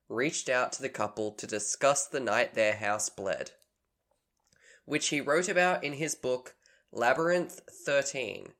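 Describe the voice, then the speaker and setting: A young adult podcast co-host tells a strange story, slipping into a put-on Southern US accent. The delivery is casual and animated, with frequent laughter and the odd swear word. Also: medium pitch.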